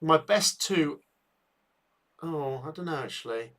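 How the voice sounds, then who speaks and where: A man hosting a live football watchalong, chatting with viewers and getting excited at chances, a bit tired. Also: a little high, slow. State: tired, yawning. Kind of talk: live match commentary and chat.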